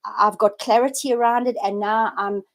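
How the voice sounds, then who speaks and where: A woman's voice: mid-range voice, steady tone, moderate pace. A woman in her forties telling a personal story on an unscripted live video, earnest and reflective, often restarting and repeating words. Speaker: spiritual vlogger sharing a personal story.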